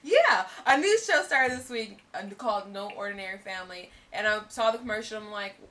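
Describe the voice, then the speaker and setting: A young woman co-hosting a casual TV review chat, talking in an animated way with many fillers and restarts. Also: mid-range voice, fairly quick. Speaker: co-host of a TV review show.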